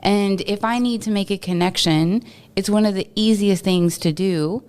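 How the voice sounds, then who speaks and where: Podcast guest, woman from Texas, mid-pitched, smooth and clear, lively storyteller who laughs easily. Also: normal speed. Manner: animated storyteller, laughs often. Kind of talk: casual storytelling interview.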